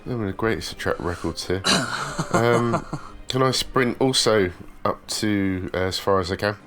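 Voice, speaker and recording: A man's voice: fairly low pitch, normal speed, fairly bright tone, faint music behind. A man playing a tabletop game, hesitant and full of questions about the rules. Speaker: player.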